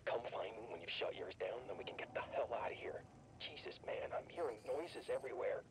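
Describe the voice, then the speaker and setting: An actor playing a nervous male engineer who talks in an urgent, hushed way. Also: fairly low pitch, expressive, brisk, lightly acted. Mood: tense. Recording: noisy game audio.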